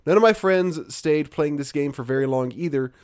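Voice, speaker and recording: A man's voice: a little high, normal speed, darkish tone, clear, resonant tone. A man co-hosting a casual gaming podcast, reading listener comments aloud and chatting with fillers. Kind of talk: casual chat.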